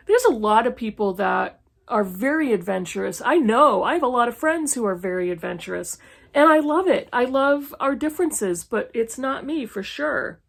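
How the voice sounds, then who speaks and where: A woman in her fifties from New England talks casually and frankly, with a slightly higher voice. She rattles through questions and drops sarcastic asides as she goes. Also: animated, moderate pace, gravelly. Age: 50s. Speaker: book YouTuber. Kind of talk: casual chat answering tag questions. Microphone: camera mic, reading from an e-reader.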